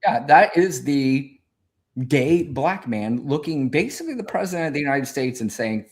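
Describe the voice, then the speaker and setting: A man's voice: medium pitch, sing-song, moderate pace. A man co-hosting a political talk show, heated and profane in casual conversation. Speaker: podcast co-host.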